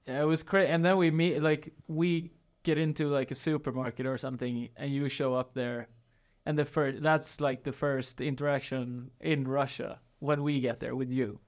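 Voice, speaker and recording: A young man in a casual chat, talking haltingly and restarting his sentences. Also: mid-range voice, steady tone. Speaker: co-guest.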